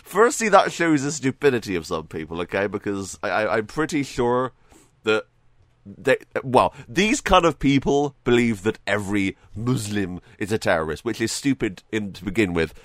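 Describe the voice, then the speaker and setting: Lively, jokey male podcast host. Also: on the low side, normal speed, no room sound. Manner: animated, jokey, laughs often, stumbles and repeats words. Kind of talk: casual solo podcast commentary.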